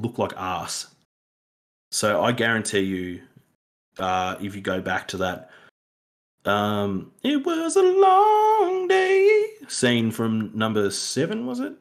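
A man with a somewhat low voice, talking casually on a podcast. He rambles in an animated way and slips into little acted-out lines as he goes. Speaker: podcast co-host. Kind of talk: casual film review chat.

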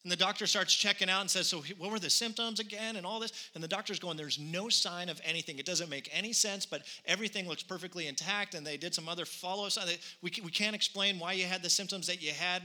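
A man's voice: high voice, sharp tone. A man in his thirties preaching a sermon, telling a personal story earnestly and building to conviction. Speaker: pastor.

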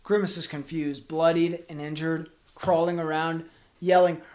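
A man's voice: fairly high pitch, flat delivery, unhurried, a little mellow. A man co-hosting a comedy podcast, improvising a rambling, profane, escalating absurd story. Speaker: podcast co-host.

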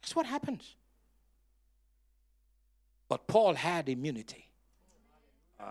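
Man, pastor, high voice, sweeping pitch, dramatic sermon, loud emphatic bursts, humorous storytelling. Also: very animated, takes it slowly, pauses often. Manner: dramatic preaching, bursts of loud emphasis, calls for audience response.

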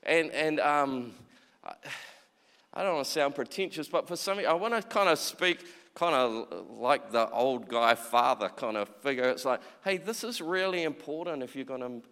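The long reverb of a large hall surrounds a man giving a conversational sermon in which he repeats himself and acts out quoted voices. His voice is on the high side, a bit bright, and clean in tone.

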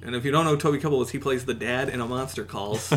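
A man co-hosting a podcast in casual chat, excitable and rambling with lots of fillers. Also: medium pitch, racing. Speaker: podcast co-host.

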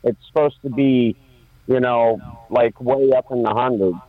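A man calls in to a radio show over a tinny, dry phone line. He talks in a halting way, full of fillers and restarts. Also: mid-range voice, steady tone, dry recording. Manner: hesitant, halting, many fillers. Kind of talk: casual phone call.

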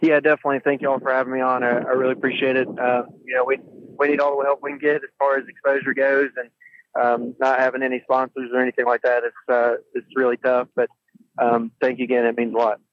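A man's voice: mid-range voice, little pitch movement, fast talker, no echo, lo-fi sound. A man appearing as a racing driver guest on a radio show, speaking earnestly and gratefully.

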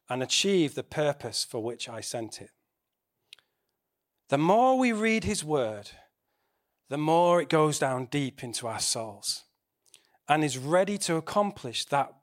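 A man with a fairly high pitch preaches a sermon conversationally, putting questions to the congregation.

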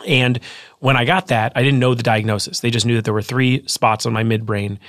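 A man in his thirties, an author guest telling his story in a casual interview, earnest and quick with frequent restarts. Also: medium pitch, steady tone, fairly bright tone, dry recording, clean studio sound.

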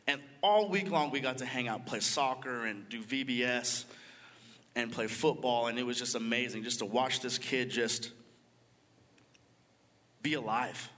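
A man's voice: medium pitch, unhurried, pauses often, pushed and bright. A man giving an emotional, earnest church testimony, calling himself a crier. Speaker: mission trip leader sharing testimony. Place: church sanctuary. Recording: long church hall reverb.

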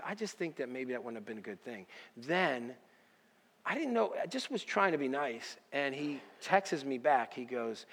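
A male pastor preaching a sermon, telling a personal story with lively quoted dialogue. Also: medium pitch, moderate pace, creaky, slightly rough, long reverb tail.

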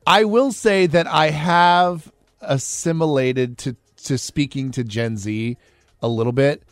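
Guy radio co-host from iowa, chill and self-deprecating, higher voice, dry mic. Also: slow, smooth, no room sound. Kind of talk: casual studio chat. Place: radio studio.

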